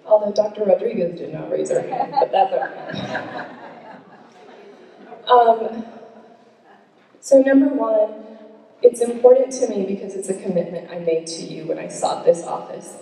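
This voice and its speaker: A woman's voice: mid-range voice, warm tone, slight background noise. A woman council member talking to constituents at a public meeting, conversational, often asking the audience questions, a little out of breath. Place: meeting room, audience present. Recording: echoey hall recorded from far off.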